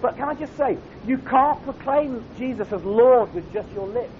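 A man's voice: animated, normal speed. A man preaching a sermon at a camp, earnest and direct, often putting questions to his audience. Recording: dull lo-fi recording with faint rumble.

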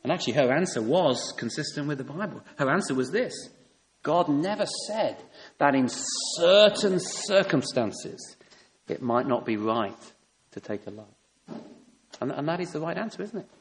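A man's voice: a little high, animated, moderate pace, a little hiss or hum. A man preaching a sermon, emphatic and fond of rhetorical tag questions. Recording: long reverb in a hall.

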